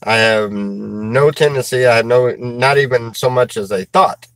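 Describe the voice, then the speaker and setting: Halting, chatty man on a dry mic. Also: mid-range voice, fairly bright tone, no room sound. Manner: halting, many restarts and fillers; chuckles while reading comments. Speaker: livestreamer reading chat. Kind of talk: casual live chat.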